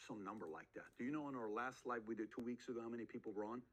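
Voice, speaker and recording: A man's voice: medium pitch, very fast, low-quality recording. A man hosting a podcast, giving motivational advice with punchy rhetorical questions and acted-out quotes. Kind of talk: motivational talk.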